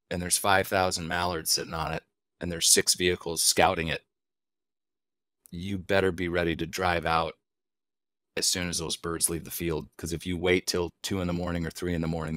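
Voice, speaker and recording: Deep-voiced middle-aged man telling stories. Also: a bit bright, dry recording. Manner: easygoing storyteller who asks and answers his own questions. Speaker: guest, wild game chef. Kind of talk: casual podcast conversation.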